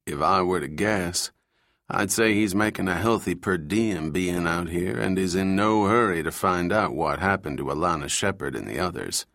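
A man voicing a calm, dry-humored male operative in an audiobook. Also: deep voice, normal speed, no echo. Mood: deadpan.

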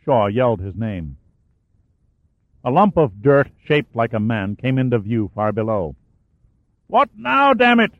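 A man reading a war thriller aloud as an audiobook narrator, in a steady storytelling voice. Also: fairly low pitch, a little slow, no echo. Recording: dry, phone-like lo-fi sound.

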